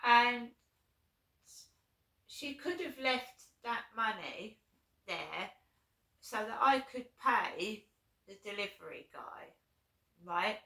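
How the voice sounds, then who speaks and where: In a vlog with roomy echo, a woman rambles through a long, aggrieved story, repeatedly checking in with "right?" as casual storytelling. Her voice is on the high side, animated and sharp, moving slowly with frequent pauses.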